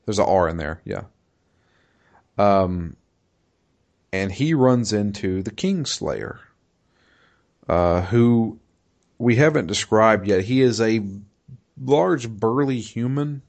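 A man in casual chat, recapping a game in a halting way with many fillers and restarts. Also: on the low side, lively intonation, a little mellow. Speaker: podcast co-host recapping a video game.

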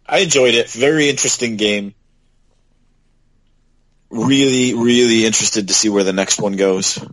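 A man's voice: medium pitch, moderate pace, a bit bright, low-quality recording. A man co-hosting a podcast in casual chat, talking thoughtfully and asking reflective questions. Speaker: podcast co-host.

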